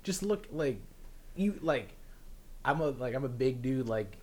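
A young man telling a story in casual chat, laughing often and mimicking officials in a lower, quieter voice. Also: lively intonation, measured pace.

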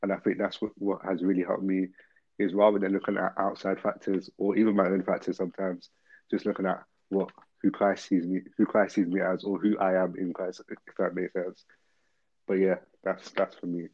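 A young man speaking in a reflective, hesitant way, often pausing with "um" and checking whether he makes sense, in a panel discussion. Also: deep voice, little pitch movement, breathy edge. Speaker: panel guest. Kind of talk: casual discussion. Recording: dull lo-fi sound.

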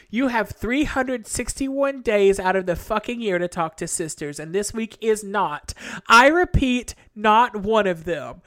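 A woman reading an angry email aloud in casual chat, acting it out with profanity and breaking into laughter. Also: medium pitch.

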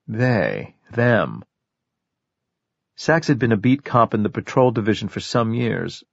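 A man narrating a crime novel audiobook in a measured, even storytelling manner. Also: fairly low pitch, vocal fry, dry recording, muffled recording. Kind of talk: scripted narration.

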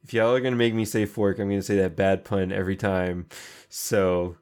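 A man's voice: deep voice, flat delivery, fairly quick, noisy background. A man casually recapping an anime episode, acting out the characters' lines and swearing freely. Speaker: podcast co-host recapping an anime. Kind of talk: casual chat.

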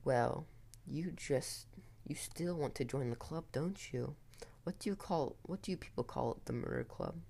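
A man reading a spooky story, voicing a sly, menacing teenage boy who taunts in a hushed, half-whispered voice. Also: a little high, expressive, fast talker, vocal fry, few pauses, slightly rough, heavily acted. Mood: taunting.

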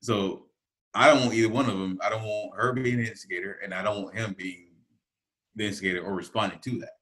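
A man's voice: on the low side, quick pace. A middle-aged man, a podcast co-host, telling family stories in casual chat and laughing often. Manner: animated storyteller, laughs often.

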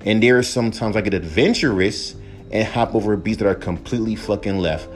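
A man's voice: on the low side, brisk, soft background music. A young man hosting a solo podcast as a rapper, ranting heatedly with lots of profanity and repeated emphasis.

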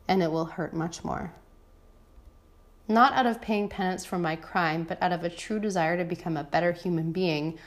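A woman's voice: lowish voice, a little mellow. A woman in her thirties, a mother, reading her own personal essay aloud in a frank, wry and irreverent way. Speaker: mother of a toddler.

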